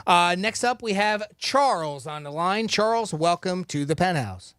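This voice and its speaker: Upbeat radio host, high voice, dry close mic, quick with callers. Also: male voice, lively intonation, a bit bright, clean tone, dry recording. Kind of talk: radio contest hosting. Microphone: studio microphone.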